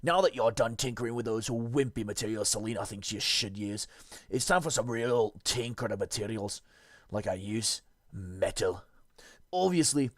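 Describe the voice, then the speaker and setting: A man's voice: on the low side, slightly rough, no echo, clean studio sound. A man voicing a boastful four-armed male metal master from a game book, in a put-on accent with a smug, showy delivery.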